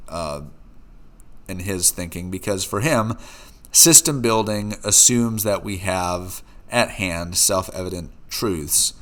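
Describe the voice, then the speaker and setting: A man's voice: on the low side, fairly bright tone. A middle-aged man giving a philosophy lecture, talking unscripted with many uh and um fillers. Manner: unscripted, many uh and um fillers, reads quotes with rising emphasis.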